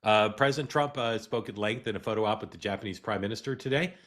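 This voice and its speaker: A middle-aged man hosting a live political news show, talking in a halting way with many "uh"s and restarts. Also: on the low side. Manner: halting, filler-heavy delivery with frequent "uh" and restarts. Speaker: host.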